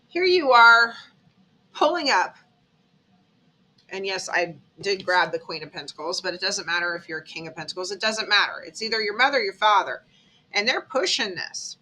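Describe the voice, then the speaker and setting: A woman's voice: mid-range voice, animated, normal speed, bright, forceful tone. A woman giving a casual tarot reading, telling it as a dramatic story and checking in with "okay?" along the way. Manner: chatty, dramatic storytelling, tag questions like "okay?". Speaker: tarot reader.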